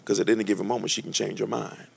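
A man voicing the Holy Spirit as a calm, solemn divine voice, speaking slowly and deliberately. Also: on the low side, vocal fry, slightly rough, heavily acted.

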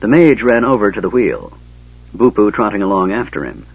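Low, husky-voiced man narrating. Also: brisk, phone-quality sound. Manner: steady storytelling. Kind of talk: scripted narration.

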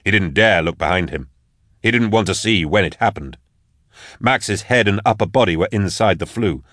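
An audiobook narrator with a low, lively male voice delivers scripted narration. His storytelling is measured and dramatic, recorded dry in studio quality.

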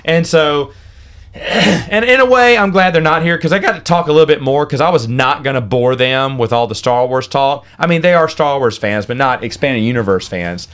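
A man's voice: mid-range voice, a bit bright, clean tone. A man hosts a solo podcast in a loose, rambling way. He stops himself mid-sentence, repeats words and restarts often, and hiccups now and then. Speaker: podcast host.

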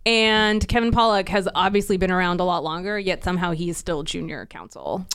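A woman's voice: fairly low pitch, a little fast, a bit bright, clean tone. A woman co-hosting a podcast, talking in a casual, opinionated and candid way. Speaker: podcast co-host. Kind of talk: casual chat.

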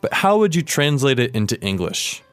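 A man's voice: mid-range voice, sing-song, brisk, smooth, dry recording, faint music behind. A man hosting a podcast language lesson, patiently explaining a dialogue step by step. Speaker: language teacher host.

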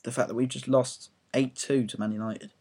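A man's voice: mid-range voice, steady tone, normal speed, a little mellow, slightly rough. Young English man, home audio blog, rambling football rant, sweary and self-deprecating. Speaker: football fan blogger.

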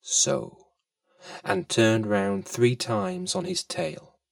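A man's voice: mid-range voice, animated, slow, creaky, no room sound, clean studio sound, distant mic. A man reading a children's story aloud with a playful, lilting delivery and fond asides to the listener.

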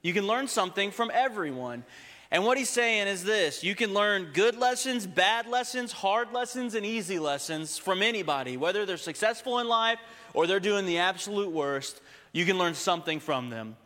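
A man's voice: high voice, lively intonation, normal speed, sharp tone, long reverb tail. A man preaching a sermon as pastor in a church, telling stories and rising to emphatic points. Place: church sanctuary.

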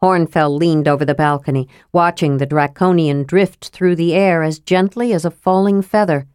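Low-voiced woman reading a fantasy novel. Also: moderate pace, a little mellow, smooth, no room sound, clean studio sound. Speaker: audiobook narrator. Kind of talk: scripted fantasy narration.

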